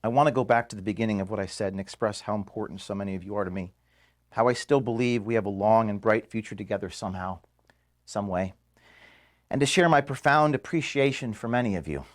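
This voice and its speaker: Emotional man giving a halting farewell. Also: lowish voice. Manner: halting, emotional, pauses and restarts. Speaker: organization founder addressing staff. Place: office, indoors.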